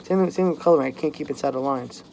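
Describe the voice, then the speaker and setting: A young man talking frankly in a personal vlog at home, halting and full of "like" fillers. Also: on the high side, creaky, a little mellow, slight background noise. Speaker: vlogger. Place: home, at a workbench.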